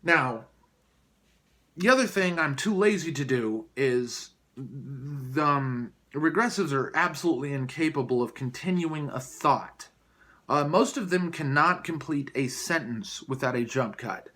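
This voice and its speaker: A man's voice: mid-range voice, expressive, measured pace, pushed and bright. A man doing improvised, single-take vlog commentary in a mocking, sarcastic, rambling way, recorded on a camera placed below him. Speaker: vlogger.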